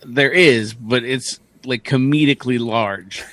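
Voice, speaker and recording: A man's voice: medium pitch, measured pace, fairly bright tone. A man co-hosting a casual podcast, wry and sarcastic, laughing at his own jokes. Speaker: podcast co-host.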